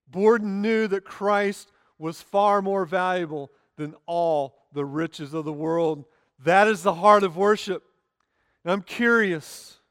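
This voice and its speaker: Male pastor, sermon, high voice, smooth and clear, dry close sound, earnest slow emphasis. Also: no room sound, big-room sound. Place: church sanctuary.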